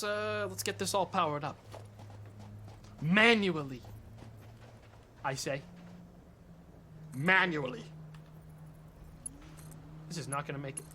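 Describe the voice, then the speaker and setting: A young man streaming a game live, talking to his chat, excitable and swearing often. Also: fairly high pitch, a little hiss or hum.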